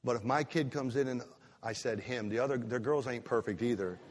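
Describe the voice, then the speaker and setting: A male pastor preaching a sermon, drawing words out for emphasis and breaking into sudden loud rises. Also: mid-range voice, a little fast, in a large hall.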